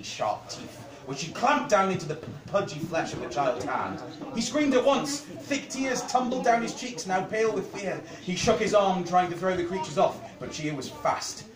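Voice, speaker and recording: A man reading a children's story aloud to an audience, with a dramatic, expressive delivery. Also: fairly high pitch. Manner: expressive, dramatic reading with big vocal swings. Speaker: reader. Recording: echoey room, distant mic, audience.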